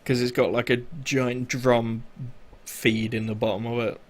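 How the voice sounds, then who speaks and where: Casting: male game master, mid-pitched, loose conversational narration with ums. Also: level tone, a little hiss or hum. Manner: casual, filler-heavy narration with quick voiced asides.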